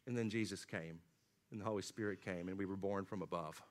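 A man preaching a sermon, swinging from loud emphatic lines to low, quiet drops. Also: fairly quick. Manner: dynamic preaching, rising emphatic then dropping low and quiet. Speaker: pastor.

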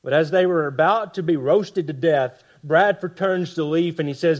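A man preaching a sermon with passion, dropping to hushed lines for emphasis and tossing rhetorical asides to the congregation. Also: fairly high pitch, normal speed, hardly any pauses. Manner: impassioned, swings from loud emphasis to hushed lines. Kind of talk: expository sermon.

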